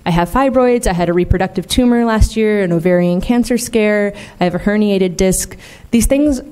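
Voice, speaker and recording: A woman delivers a conference keynote in an earnest, candid voice at a middle pitch. She presses her points with emphasis and keeps checking in with the audience, her speech dotted with casual fillers. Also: normal speed, mellow, clean tone. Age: adult, in the field twenty years. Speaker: conference plenary speaker. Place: conference hall.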